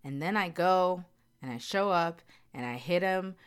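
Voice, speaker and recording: A woman with a low, deep speaking voice talks straight to her viewers in a candid vlog. She is earnest and emphatic and repeats phrases to drive her point home. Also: unhurried, smooth. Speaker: vlogger. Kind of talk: candid personal talk to viewers.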